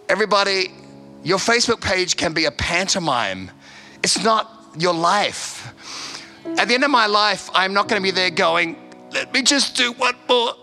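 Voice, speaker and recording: Bright-voiced man preaching a sermon. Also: fairly high pitch. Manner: emphatic, repeats phrases. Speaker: pastor.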